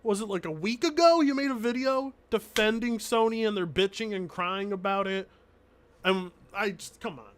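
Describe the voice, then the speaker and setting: A man's voice: high-pitched, normal speed. A man streaming, reacting to a video with casual, argumentative commentary; he swears freely and keeps repeating his points for emphasis.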